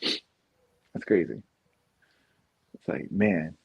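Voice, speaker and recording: A man's voice: sits low, very slow, gravelly, husky, muffled recording. A man in his thirties co-hosting a podcast, chatting casually and telling stories with lots of laughter. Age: 30s. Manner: laughing, animated storytelling. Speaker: podcast co-host. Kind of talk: casual chat.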